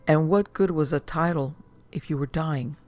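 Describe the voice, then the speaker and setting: A woman narrating a horror story in a hushed, measured way. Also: low voice, dull audio. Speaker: narrator and producer.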